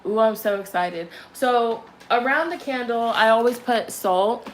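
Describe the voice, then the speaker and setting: A young woman who reads tarot tells a story in a chatty, animated way, swearing a lot, before she does a candle ritual. Her voice sits on the high side and moves a little slowly, with slight background noise.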